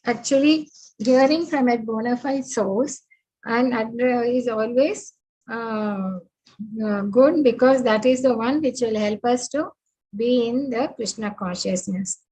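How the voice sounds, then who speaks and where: A woman teaching an online scripture class over a video call, unhurried and full of fillers as she walks through her slides. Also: fairly high pitch, mellow, breathy edge, low-quality recording. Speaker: spiritual teacher.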